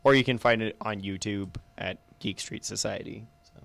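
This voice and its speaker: A man's voice: on the low side, normal speed, vocal fry, fairly bright tone, dry recording. A man co-hosting a casual gaming chat, making wry, laughing asides. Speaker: co-host of a gaming news show.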